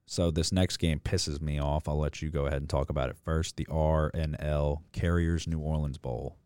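A very deep-voiced man with a dark, mellow tone talks through his betting picks in a loose, rambling way. He is blunt and swears freely. The sound is dry and close. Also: fairly even intonation, moderate pace, smooth, no echo. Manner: blunt, profane, rambling with fillers. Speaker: sports betting co-host. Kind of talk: casual sports betting chat.

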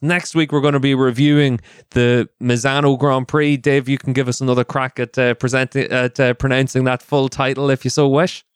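A man's voice: medium pitch, clear, resonant tone, dry recording, studio quality. A man hosting a casual motorsport podcast, talking loosely with many fillers and poking fun at himself. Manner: relaxed, frequent fillers, self-mocking. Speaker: podcast host.

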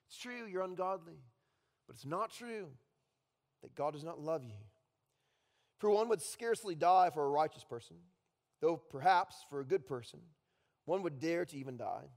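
A high-voiced male pastor preaching in a big church hall, the long reverb trailing after each phrase. He tells stories and often drops to a hushed voice. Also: animated, normal speed, long pauses. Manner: storytelling with sudden drops to a hushed voice. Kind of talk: sermon.

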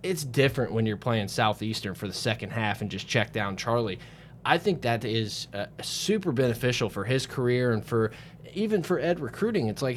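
A young man co-hosting a sports podcast, joking and bantering in casual chat. His voice sits at a mid pitch over a faint background hiss. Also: expressive, fairly quick. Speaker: co-host.

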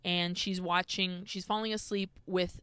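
A woman co-host recaps a film in a loose, animated way, dropping into character and swearing freely. Her voice is bright and crisp. The sound is dry and close. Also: lowish voice, a little slow, no room sound. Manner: animated storytelling, acts out characters, frequent swearing. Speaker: podcast co-host. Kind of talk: casual film recap chat.

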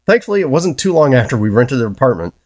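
A man with a middle-pitched voice tells stories in a dry, wry manner. He co-hosts a chatty homebrewing podcast and reads listener mail aloud. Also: sing-song, fast, darkish tone, no echo. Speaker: podcast co-host. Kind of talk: casual chat, reading listener stories.

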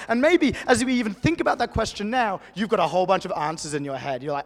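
A man preaching a sermon in a church, talking conversationally and telling the story with animated asides. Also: high voice, fast talker, hardly any pauses, in a large hall. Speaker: pastor.

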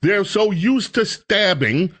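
A man's voice: high-pitched, animated, takes it slowly, a bit bright. A middle-aged man hosting a political talk radio show, delivering a heated, sarcastic monologue. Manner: heated, sarcastic, mocks others in put-on voices.

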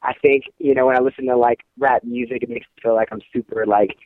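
A man's voice: mid-range voice, fairly even intonation, quick pace, dry recording. Upbeat guy from Pittsburgh on a phone line. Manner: upbeat slangy enthusiasm. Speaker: co-host calling in. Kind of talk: casual chat. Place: car on the freeway. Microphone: phone call.

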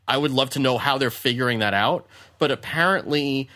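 Relaxed rambling man, mid pitch. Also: brisk. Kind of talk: casual chat.

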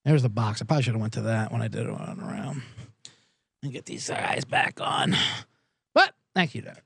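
A man's voice: on the low side, normal speed, vocal fry, fairly bright tone, slightly rough, no room sound, studio quality. A man hosting a sports betting podcast alone in a small booth, talking in a rambling, profane, self-mocking way. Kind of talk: casual sports betting talk on a live podcast. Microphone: studio microphone.

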